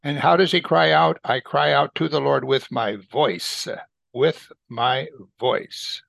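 A man slowly reading and explaining Bible verses, repeating phrases for emphasis in a deliberate teaching style. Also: a little high, vocal fry, fairly bright tone, no room sound.

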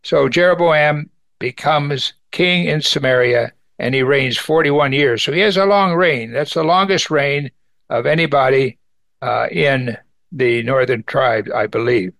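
A man's voice: measured pace, vocal fry, fairly bright tone, no echo. A man teaching an evening Bible study, earnestly reading scripture aloud and lifting his voice to stress key points. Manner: earnest, rises in pitch for emphasis, reads scripture aloud.

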